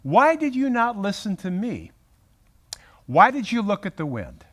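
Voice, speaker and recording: A man acts out a kind, patient savior figure. He sounds tender and questioning, and each line lifts and falls with lively pitch. He speaks slowly and softly. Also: heavily acted. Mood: gently rebuking. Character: gentle, patient savior gently rebuking a follower.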